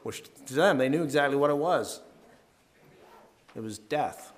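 A man with an ordinary, mid-range voice leads a Bible devotional. He reads the verses aloud and talks through them earnestly. He swells in pitch and volume whenever he wants a line to land. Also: lively intonation, a little slow. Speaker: Bible teacher leading a devotional. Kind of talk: devotional Bible talk, reading scripture aloud.

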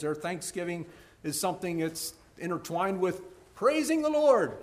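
In a sing-song manner at normal speed, a man delivers a sermon to his congregation. He goes from loud, emphatic bursts to soft, low moments, often repeating words as he begins again.

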